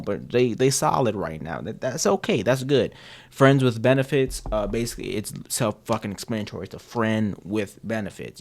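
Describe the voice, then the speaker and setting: A man streaming, chatting casually, rambling with slang, swearing and frequent restarts. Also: lowish voice. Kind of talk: casual chat.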